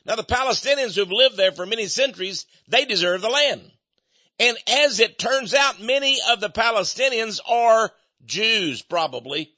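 Folksy older man, high bright voice. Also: expressive, moderate pace, no room sound. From United States. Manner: folksy, rambling, chuckles between points. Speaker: speaker. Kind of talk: opinionated monologue. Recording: dull lo-fi dry recording.

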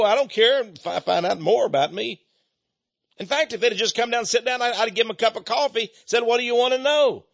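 Older man, folksy and lively, husky. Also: high-pitched. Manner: folksy, chuckling, stammering restarts. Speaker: radio ministry host. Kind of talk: conversational radio monologue. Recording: dull lo-fi broadcast audio.

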